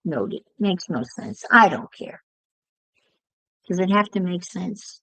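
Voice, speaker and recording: A woman's voice: on the low side, lively intonation, slow pace, pauses often, a bit bright, no room sound, rough recording. A woman chatting casually to livestream viewers while she crafts, musing aloud as she works.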